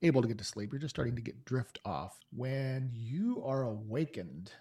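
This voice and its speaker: A man with a husky, slightly breathy voice narrates as the game master of a tabletop game. He talks in a loose, halting way, often restarting his sentences. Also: medium pitch, lively intonation, mellow.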